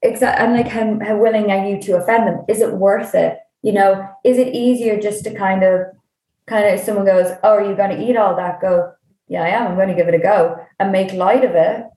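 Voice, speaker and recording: Measured woman with a mellow voice. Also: mid-range voice, fairly even intonation. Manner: measured, thoughtful, frequent hedging fillers. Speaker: podcast co-host, nutrition coach. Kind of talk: casual podcast chat. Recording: roomy echo.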